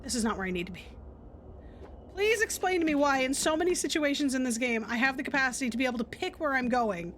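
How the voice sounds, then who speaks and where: A woman streams a video game, commenting casually with lots of exclamations. Her voice sits high. A faint ambience hums behind her. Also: quick pace, a little hiss or hum. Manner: animated and exclamatory.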